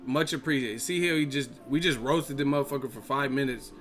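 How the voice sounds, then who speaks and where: A man hosting a boxing live stream, reading chat comments and mocking them in a casual, profane, animated way. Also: medium pitch, a little fast, faint music behind.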